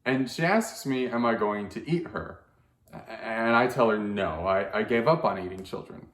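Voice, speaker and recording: A man's voice: lowish voice, moderate pace, fairly bright tone. Hesitant man in a roomy space. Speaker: auditioning performer. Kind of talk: deadpan comic monologue.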